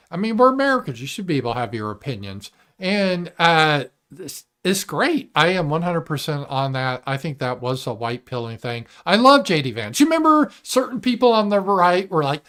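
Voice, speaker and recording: Guy hosting his own stream, kinda high voice, blunt and sweary, reading chat messages out loud. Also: sing-song, moderate pace. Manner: blunt and profane, mimics opponents in mocking voices; reads viewer super chats aloud. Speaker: livestream show host. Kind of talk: casual political commentary monologue.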